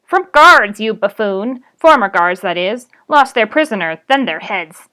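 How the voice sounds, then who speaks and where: A woman doing a rasping, barking goblin. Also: sits high, a little fast, fairly bright tone, voice pushed up. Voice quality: raspy, grating. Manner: barking, sneering and impatient. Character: grating, rasping male goblin soldier, bullying. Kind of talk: reading a novel aloud.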